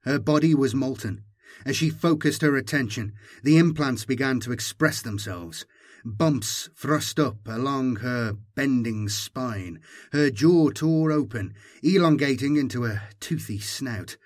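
A man reading an audiobook in measured, dramatic scripted narration. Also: medium pitch.

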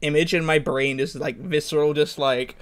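Um homem que co-apresenta um podcast, em conversa descontraída, fala de forma hesitante, cheia de pausas e risinhos. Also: male voice, fairly high pitch, steady tone. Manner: slow, hesitant, giggly, many fillers. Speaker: podcast co-host. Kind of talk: casual chat.

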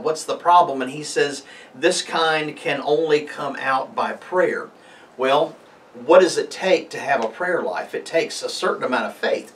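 Man, preacher type, slightly high voice, halting delivery full of restarts, recorded a bit off-mic. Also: a bit bright, far from the mic. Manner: halting, many fillers and restarts, reads scripture aloud. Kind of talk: informal mid-week devotional talk.

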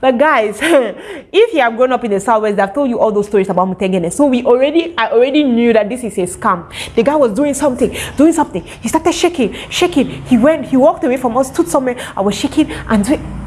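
A young Cameroonian woman tells a casual storytime straight to her viewers, lively and animated. Her voice sits a bit high. A faint hum of ambience runs underneath. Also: a little fast. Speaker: vlogger.

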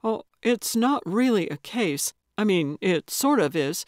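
A woman's voice: mid-range voice, lively intonation, a little slow, no echo, studio quality, natural voice. A woman voicing an earnest, somewhat hesitant male paramedic in an audiobook. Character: young man, earnest awkward paramedic. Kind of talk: audiobook character voice.

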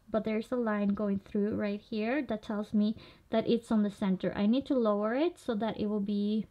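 A woman's voice: medium pitch, a little mellow. Young woman chatting through a tutorial. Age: young adult. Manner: chatty, walks through each click. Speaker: vlogger. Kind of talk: screen tutorial. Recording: slightly dull lo-fi audio.

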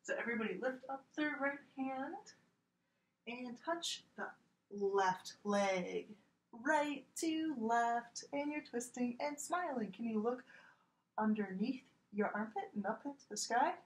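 Gentle playful preschool yoga teacher, woman. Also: a little high, animated, a little slow. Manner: gentle, playful, coaxing children along. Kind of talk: guided kids' yoga class. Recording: echoey room with faint music.

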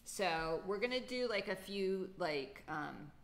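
A woman's voice: mid-range voice, animated, takes it slowly, a little hiss or hum. A woman teaching a children's poetry lesson, patiently thinking aloud with many fillers. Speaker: writing teacher.

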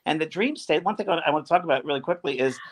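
A man's voice: on the high side, very fast. A man who works as a spiritual medium, chatting casually and telling rambling stories. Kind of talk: casual chat.

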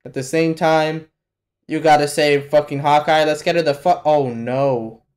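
A man hosting a live anime reaction, talking casually and profanely, with sudden loud exclamations at what he sees. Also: on the high side, flat delivery, normal speed. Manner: casual slangy talk to the viewer. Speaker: reaction channel host.

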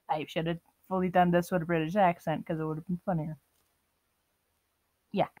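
A woman's voice: fairly low pitch, flat delivery, moderate pace, pauses often, mellow, no echo. A young woman vlogger casually reading internet posts aloud, giggly and often breaking into laughter.

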